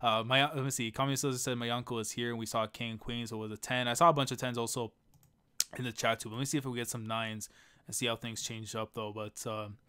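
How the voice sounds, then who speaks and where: A man's voice: medium pitch, flat delivery, quick pace, bright, forceful tone, clean tone. A man hosting a casual live stream, laughing often and reading chat comments aloud. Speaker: stream host.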